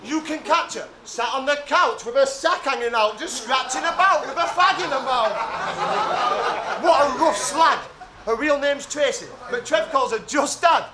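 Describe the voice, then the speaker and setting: A man's voice: very high voice, normal speed, background noise. A man rapping a taunting verse in a live rap battle, laughing at his own lines. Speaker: battle rapper. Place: battle venue before a live crowd. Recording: loud crowd behind a live battle.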